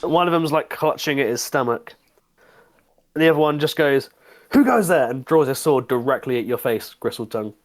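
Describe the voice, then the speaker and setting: A man's voice: medium pitch, a little fast. Man narrating a tabletop game. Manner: loose, rambling narration with restarts and fillers. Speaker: game master.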